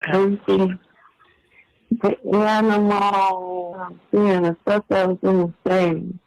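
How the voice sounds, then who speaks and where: A man talking in a halting, hesitant way, with many pauses and fillers. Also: high voice, little pitch movement, gravelly, a little mellow, dry recording, poor audio.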